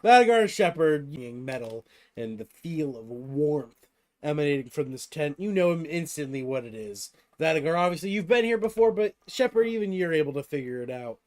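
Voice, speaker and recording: A man's voice: a little high, lively intonation, fairly quick. Man running a tabletop game. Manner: teasing, swears, laughs at players. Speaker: game master.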